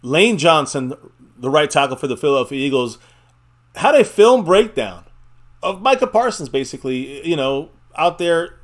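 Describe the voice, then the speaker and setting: A man's voice: a little high, big pitch swings, moderate pace. A man hosting a live fan chat stream, talking casually and rambling, with frequent laughs and the odd swear.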